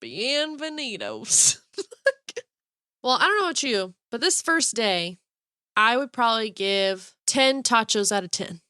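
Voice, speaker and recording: A woman's voice: on the high side, lively intonation, normal speed, sharp tone, clear, resonant tone, dry recording, studio quality. A woman in her twenties, a podcast co-host, chatting casually and playfully chiming in with quips. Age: 20s. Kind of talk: casual chat.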